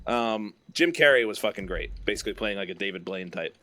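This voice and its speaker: Lively young man telling stories. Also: on the low side, fairly quick, dry recording. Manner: animated storyteller, laughs a lot. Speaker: streamer and co-host. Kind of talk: casual chat.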